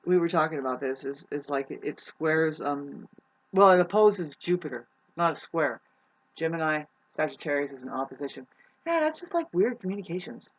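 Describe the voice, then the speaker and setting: A casual vlogger rambling to the camera, voice sitting at a middling pitch. The talk meanders and circles back with frequent restarts and offhand swearing. The audio is a bit dull and lo-fi. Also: very animated, normal speed. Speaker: astrology vlogger. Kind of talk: casual rambling monologue to viewers.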